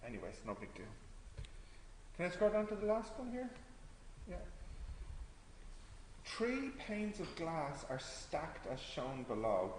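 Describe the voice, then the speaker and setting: A male tutor works through a physics problem live, thinking aloud and checking in with his students as he fixes his own mistakes. His voice sits at an ordinary middle pitch. The recording carries a long, roomy reverb with a faint hum underneath.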